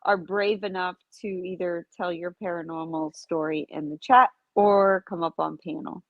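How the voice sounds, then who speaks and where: A woman co-hosting a live stream, gently reassuring a grieving friend. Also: on the low side, fairly even intonation, normal speed, no echo. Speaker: co-host. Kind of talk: supportive live-stream chat. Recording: dull lo-fi stream audio.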